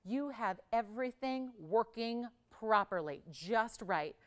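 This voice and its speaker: Pitching jewelry on a live shopping show, a woman sells with enthusiasm and emphasis, returning to the same phrases again and again. She speaks slowly, with lively intonation.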